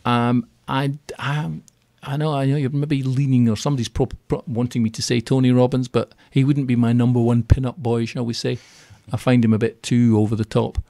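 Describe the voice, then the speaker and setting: A man chats easily in a radio studio, sharing views as a keynote speaker. His delivery is animated and he slips into quoting others. The sound is dry and close, with a mid-range voice. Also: mid-range voice, fairly quick, no echo. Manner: chatty and animated, acts out quotes. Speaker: radio guest, keynote speaker on property finance. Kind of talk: conversational radio interview.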